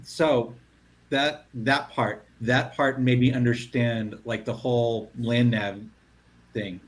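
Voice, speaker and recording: A man of middle pitch reflects aloud during a relaxed podcast chat. He tends to let his sentences fade softly as they end. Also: slow pace. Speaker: podcast panelist. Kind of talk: casual panel chat.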